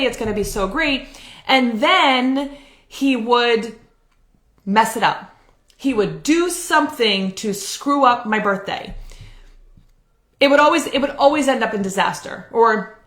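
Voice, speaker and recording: A woman counselor gives a candid, earnest live video talk on relationships, drawing on her own experiences as examples. Her voice is on the high side and a bit bright, with a roomy echo around it.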